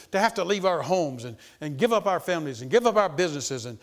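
A man preaching a sermon, emphatic and repetitive, rising into loud insistent bursts. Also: sits high, big pitch swings, fairly quick, hardly any pauses.

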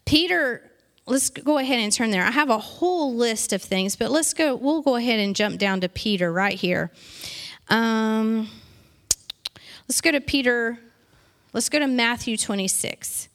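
A woman with a somewhat high voice leads an informal Bible study. She reads passages aloud, then explains them in plain, conversational talk, slipping into quick acted asides. She sounds middle-aged. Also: expressive, fairly bright tone. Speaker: Bible teacher.

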